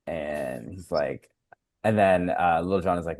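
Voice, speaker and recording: A man's voice: low-pitched, measured pace, a little mellow, dry recording, clean studio sound. A man co-hosting a podcast, recapping a film in casual chat with lots of fillers and acted-out quotes. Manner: rambling recap with many fillers. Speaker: podcast co-host.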